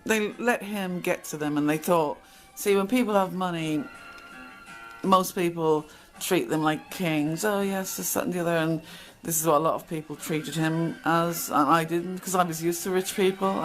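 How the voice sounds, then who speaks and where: A woman's voice: sits low, fairly even intonation, moderate pace, soft background music, rough recording. A middle-aged woman telling stories from her past in a casual, blunt monologue. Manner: chatty, blunt, acts out quoted exchanges. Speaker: channel host.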